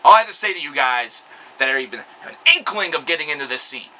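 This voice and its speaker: A man's voice: fairly high pitch, expressive, fast, sharp tone, poor audio. A young man delivering an angry, sarcastic, profanity-laced vlog rant. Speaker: video blogger. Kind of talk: ranting vlog monologue.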